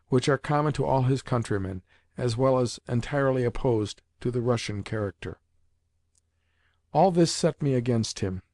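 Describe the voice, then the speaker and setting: A man narrating a classic novel aloud in a measured, phrase-by-phrase reading. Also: medium pitch, mellow, no echo, clean studio sound. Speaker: audiobook narrator. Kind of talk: scripted narration.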